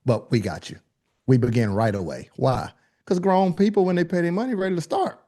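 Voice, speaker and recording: Hyped and talking real casual, a man runs an online speaking class in a sing-song, brisk, mellow voice. The high-energy coach keeps calling on folks by name and uses call-and-response throughout.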